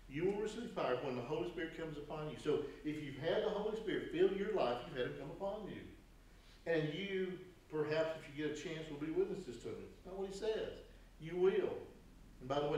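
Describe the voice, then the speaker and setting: A man delivers a sermon with a slightly raised pitch, speaking conversationally and repeating phrases for emphasis. His voice carries from some distance off the mic in a very echoey room with faint background noise. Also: a little mellow. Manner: conversational preaching with emphatic repetitions. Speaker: pastor.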